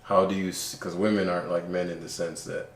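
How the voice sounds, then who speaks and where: A man telling stories in a relaxed, calm way during a casual podcast chat. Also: deep voice, fairly quick, roomy sound. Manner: calm, laid-back storytelling.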